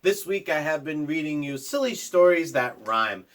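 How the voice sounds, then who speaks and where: Lively man reading a story to kids. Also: a little high, normal speed. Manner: lively, rising loud for shouted lines. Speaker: teacher reading aloud to children. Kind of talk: storybook read-aloud lesson.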